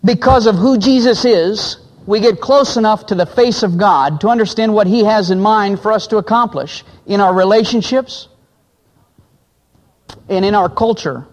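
Man, sermon storytelling, high voice, long reverb, dips low for quoted men. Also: moderate pace. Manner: acts out quoted voices, drops low for men's lines. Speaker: pastor.

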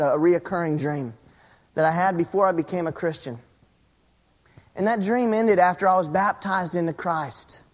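A man preaching a sermon as a pastor, telling a personal story that sinks to a hushed low voice in tense moments and climbs when he gets excited, often repeating words as he restarts a phrase.

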